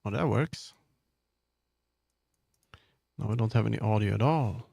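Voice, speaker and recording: A man's voice: on the low side, a little slow, vocal fry, dark tone, no echo, clean studio sound. A man streaming live, chatting casually and muttering to himself as he troubleshoots. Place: home streaming setup.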